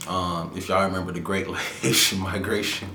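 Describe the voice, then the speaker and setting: A man hosting his own podcast, ranting casually in slangy, laid-back talk with animated asides. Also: low voice, moderate pace, reverberant, a little hiss or hum. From Florida, USA. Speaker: podcast host. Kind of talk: casual solo commentary.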